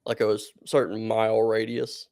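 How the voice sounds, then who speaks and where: A man's voice: on the low side, flat delivery, moderate pace, a little mellow, no room sound, clean studio sound. A man co-hosting a podcast, telling stories in a rambling, casual way and laughing often. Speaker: podcast co-host.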